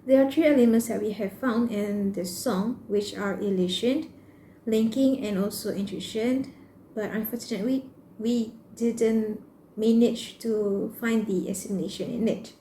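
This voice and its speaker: A woman's voice: medium pitch, a little slow, mellow. A young woman student from Malaysia with a Malaysian English accent, giving a class presentation and explaining casually, with some restarts. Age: young adult. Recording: echoey room with faint noise.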